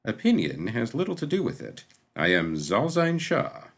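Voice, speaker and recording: A man voicing a suave, sardonic male swordsman who speaks in formal, dry, measured phrases. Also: medium pitch, huge pitch swings, creaky, a bit bright, slightly rough, pitched above the performer's own voice, full character voice. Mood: courtly. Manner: courtly, measured, dryly ironic.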